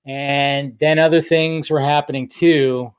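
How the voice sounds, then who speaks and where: Young man, live-stream host, rambling casual chat, slightly high voice. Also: level tone, slow pace, clear, resonant tone. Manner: rambling, chatty, talks to viewers in chat.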